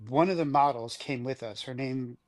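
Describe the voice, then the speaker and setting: A man's voice: mid-range voice, moderate pace. Boisterous, foul-mouthed male guest. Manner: boisterous, profane. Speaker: podcast guest. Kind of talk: casual storytelling.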